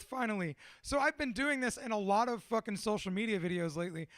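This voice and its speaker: A man's voice: sits high, fairly quick, dry recording, clean studio sound. A man, a tattoo artist, telling stories in a casual chat, swearing constantly and laughing as he goes. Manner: profane, animated, laughs through his stories. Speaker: tattoo artist and podcast guest.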